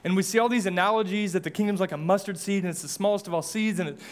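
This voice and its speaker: A man's voice: high-pitched, steady tone, very fast. A male pastor preaching a sermon, impassioned, with repeated rhetorical questions and casual asides.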